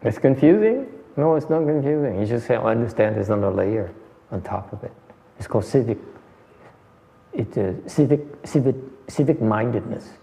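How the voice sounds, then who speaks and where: A man's voice: mid-range voice, animated, normal speed, gravelly, dark tone. A man giving a conversational dharma lecture, repeating phrases and answering questions. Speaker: meditation teacher. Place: meditation hall. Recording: muffled hall recording.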